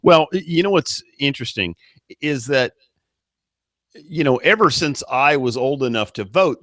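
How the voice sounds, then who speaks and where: A man's voice: medium pitch, lively intonation, unhurried, a bit bright. A man co-hosting a political commentary show, emphatic and full of stammered restarts. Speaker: co-host.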